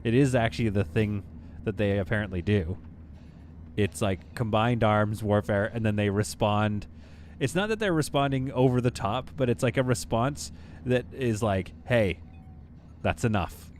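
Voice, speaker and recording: A man's voice: fairly low pitch, normal speed, a little mellow, a little hiss or hum. A man streaming a game live, chatting casually, laughing often and reading viewer comments aloud.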